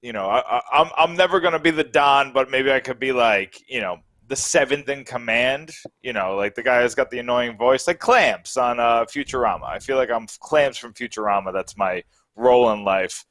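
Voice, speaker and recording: A man's voice: mid-range voice, normal speed, fairly bright tone, no echo. A man co-hosting a sports podcast in casual, rambling, upbeat chat. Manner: rambling, upbeat, restarts often. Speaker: podcast co-host.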